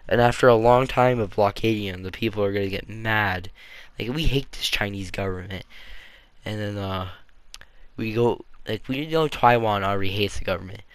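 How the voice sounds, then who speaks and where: Guy rambling his opinions to camera, kinda low voice, smooth and clear, dry sound. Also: dry recording. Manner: rambling, offhand, full of fillers and restarts. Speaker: video creator. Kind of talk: casual opinion monologue.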